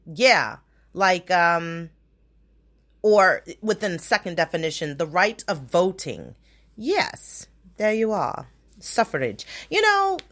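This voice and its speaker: A young adult woman hosting her own podcast in loose, profane, animated casual chat, laughing easily. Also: medium pitch. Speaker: podcast host.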